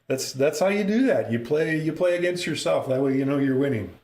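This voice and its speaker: A middle-aged man with a northern Minnesota accent, chatting excitedly while commenting on his own play. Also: on the high side, brisk. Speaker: streamer. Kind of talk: casual live-stream commentary. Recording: echoey room with loud noise.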